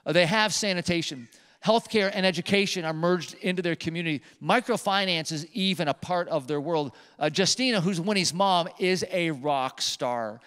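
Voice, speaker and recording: A man preaching a sermon as a pastor, telling a personal story in an animated way with emphatic repetitions. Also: high voice, moderate pace, clear, resonant tone. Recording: long hall reverb.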